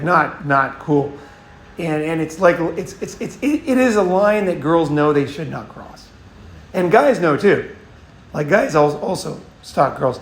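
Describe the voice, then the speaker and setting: A man's voice: on the high side, reverberant. A man hosting a casual advice monologue, blunt and profane, often restarting and repeating himself. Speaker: host.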